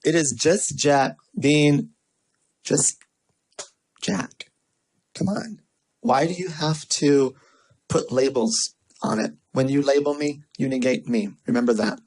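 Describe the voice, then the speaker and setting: A vlogger telling a story in a sassy, animated way and then giving casual marketing tips. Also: slow pace, long pauses, rough recording. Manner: acts out quoted voices with big pitch swings. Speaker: vlogger and small business owner.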